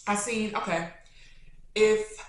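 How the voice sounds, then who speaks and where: A woman with a Kentucky accent, answering viewer questions in a casual, animated, slangy chat. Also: medium pitch, slow pace, a little hiss or hum. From Louisville, Kentucky. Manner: chatty and animated, with slangy asides. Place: indoors, sit-down video setup. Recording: very echoey room.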